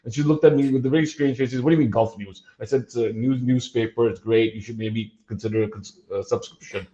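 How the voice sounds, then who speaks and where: A man in his fifties who grew up in Dubai, a podcast guest telling a story and acting out the voices of the people in it, with many pauses and fillers. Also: on the low side, highs cut off. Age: 50s. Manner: animated, acts out quoted dialogue, frequent uh fillers. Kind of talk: storytelling in a casual interview.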